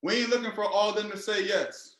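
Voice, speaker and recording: High-voiced, fired-up motivational man. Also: fast talker, echoey room. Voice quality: energetic, preachy, repetitive. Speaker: team leader and trading mentor. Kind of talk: motivational team call.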